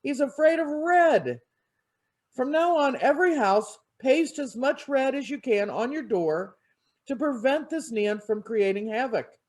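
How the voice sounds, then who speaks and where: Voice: high-pitched, animated, unhurried, pitched above the performer's own voice. A minister voicing a clever old male monk in a fable, coaxing and sly.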